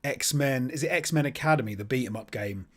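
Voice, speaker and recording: A man's voice: mid-range voice, normal speed. A man from the UK co-hosting a podcast in casual chat, talkative and full of questions. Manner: chatty, asks lots of questions. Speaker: podcast co-host.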